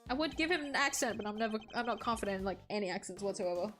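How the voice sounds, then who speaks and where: A woman's voice: medium pitch, animated, racing, fairly bright tone, faint music behind. A woman chatting casually as she plays a game, rambling with lots of fillers. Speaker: streamer.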